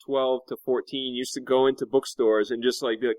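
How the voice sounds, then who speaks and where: A man joining a podcast panel as a guest, telling jokey, animated stories with many fillers. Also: mid-range voice, brisk, dry recording. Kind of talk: casual panel discussion.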